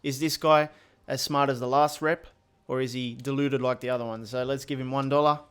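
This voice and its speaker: A man's voice: medium pitch, steady tone, brisk, clear, resonant tone. A man giving casual, joking commentary over a football video game. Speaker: gaming youtuber. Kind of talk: gameplay commentary.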